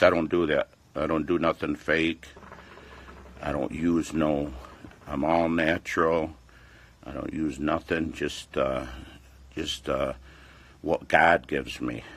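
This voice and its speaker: A man's voice: very deep voice, steady tone, slow, long pauses, a bit bright. A man in his forties, a fitness vlogger, chatting casually and rambling defensively, repeating himself. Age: 40s. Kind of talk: casual livestream chat.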